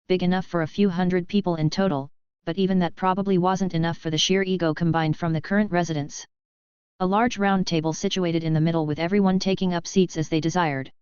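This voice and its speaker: A woman's voice: fairly low pitch, a little mellow, clear, resonant tone, no echo. A woman narrating a novel in the first person, with a casual, snarky manner. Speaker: audiobook narrator. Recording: dull lo-fi audio.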